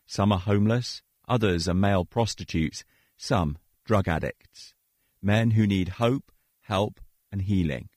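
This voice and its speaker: A man with a very low voice tells a story for a radio show in a dry studio sound. He reads in a measured way and gives the characters' lines a lift in pitch. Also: darkish tone, no room sound. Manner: measured, reading a story and acting out its dialogue. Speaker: radio host.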